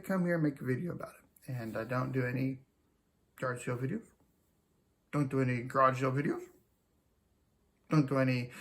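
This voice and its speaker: A man's voice: fairly high pitch, a bit bright. A man chatting casually to camera as a small-time reseller, self-mocking and full of fillers. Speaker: reseller and vlogger.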